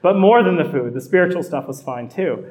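A man's voice: fairly high pitch, animated, fairly quick, a little mellow. A middle-aged man, a pastor, preaching a sermon in a conversational way that builds to emphatic repetition.

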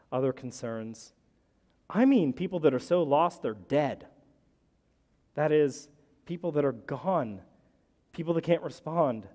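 A man preaching a sermon as pastor, telling stories in a conversational, lively way. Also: mid-range voice. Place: church. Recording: church hall with long reverb.

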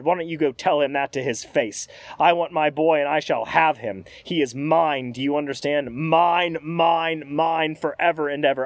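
A man's voice: a little high, dry recording, close to an everyday voice. A pastor voicing an indignant ghost mother. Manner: raised, indignant, insistent. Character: bitter grieving ghost mother, demanding. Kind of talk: read-aloud scene in a sermon.

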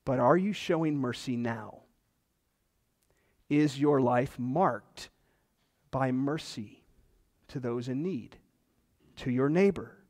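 A man's voice: medium pitch, takes it slowly, long pauses, darkish tone, long reverb tail. A man preaching a sermon as pastor, earnest and emphatic.

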